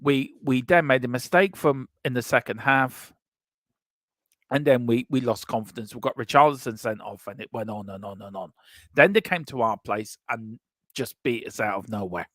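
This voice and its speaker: A man co-hosting a casual fan chat show, reading out comments in an animated, joking way and repeating himself for emphasis. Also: mid-range voice, moderate pace, no echo, clean studio sound. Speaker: co-host of a fan channel show.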